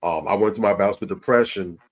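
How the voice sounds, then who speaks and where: A man on a podcast speaking in measured, earnest casual chat, often hedging. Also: lowish voice. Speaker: podcast co-host.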